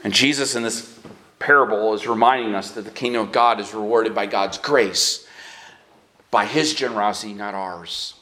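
A man preaching a sermon as pastor, moving between quiet earnest stretches and high, emphatic rises. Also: normal speed. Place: church sanctuary. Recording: echoey church hall.

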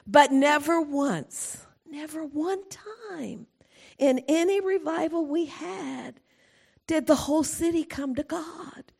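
A middle-aged woman preaching with a high, lively voice that swoops up and down. She speaks slowly with a gravelly edge and acts out the scripture with lots of feeling. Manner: animated, acts out quotes, laughs often. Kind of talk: sermon.

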